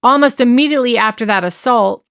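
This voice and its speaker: A woman's voice: on the high side, fast talker, a bit bright, clear, resonant tone, no echo, clean studio sound. A woman co-hosting a casual true-crime podcast, animatedly retelling events with restarts and quoting texts in a raised voice. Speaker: podcast co-host.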